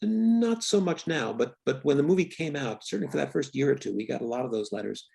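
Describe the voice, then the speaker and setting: A man's voice: medium pitch, expressive, gravelly, husky. An older man, a film writer and director, telling candid stories in an interview with a reflective manner and frequent restarts. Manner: reflective, restarts often, quiet trailing pauses.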